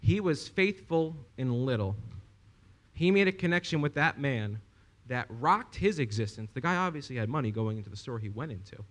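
A young man preaching a sermon, telling a story with lively asides and rhetorical questions to the congregation. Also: mid-range voice, moderate pace.

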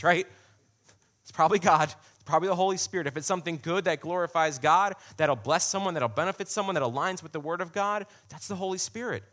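Brief: male pastor, fairly high voice, casual direct sermon style. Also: quick pace, a bit bright. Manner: conversational, addresses the congregation directly.

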